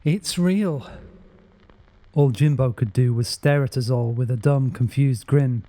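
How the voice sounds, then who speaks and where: A man narrating a first-person horror story in a measured, steady storytelling voice. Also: medium pitch, dry recording. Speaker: audiobook narrator.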